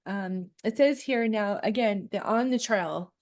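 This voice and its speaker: A woman's voice: mid-range voice, a little slow, darkish tone. Woman, chatty co-host, casual talk, reads aloud from a booklet. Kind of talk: casual chat on clan history.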